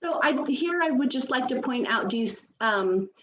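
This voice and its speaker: A woman's voice: sits high, lively intonation, moderate pace. A woman literacy coach on a video call, explaining the reasoning behind a reading activity. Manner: explanatory, points things out to viewers. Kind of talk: explaining teaching method. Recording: dull lo-fi video call audio.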